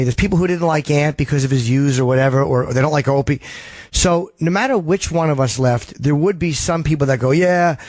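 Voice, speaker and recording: A man's voice: on the high side, a little mellow, no room sound. A man hosting a call-in radio show, chatting loosely with callers and reading ad copy in between. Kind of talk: casual call-in talk show. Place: studio.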